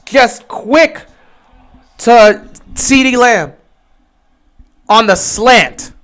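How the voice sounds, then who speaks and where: A man hosting a livestream, giving casual play-by-play commentary and reacting loudly to big plays. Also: very slow, clear, resonant tone. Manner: excitable, swings from low musing to loud shouting on big plays; chatty, talks straight to players and chat. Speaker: livestream host calling the game.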